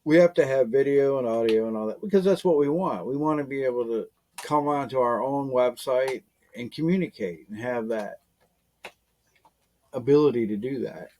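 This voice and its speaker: A man's voice: mid-range voice, moderate pace, dark tone. A man leading an online team meeting in casual chat, rambling with lots of fillers and chuckling often.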